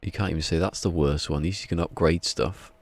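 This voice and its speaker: During a live game stream, a man with a very deep, gravelly voice talks fast with fairly even intonation. His chatter is rambling and wry, creak runs through the low end, and he keeps drifting into mumbled asides to himself.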